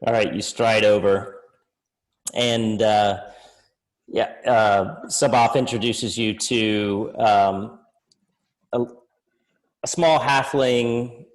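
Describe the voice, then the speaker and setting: A man's voice: fairly low pitch, fairly even intonation, extremely slow, long pauses, poor audio. Rambling male game master. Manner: rambling, many fillers, laughs easily. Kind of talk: narrating a tabletop game.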